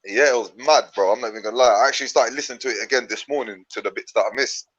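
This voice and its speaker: A man's voice: mid-range voice, rapid-fire, fairly bright tone, breathy edge, no echo. Laid-back slangy man on a dull call line. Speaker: guest on a panel. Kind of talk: casual chat. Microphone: video call.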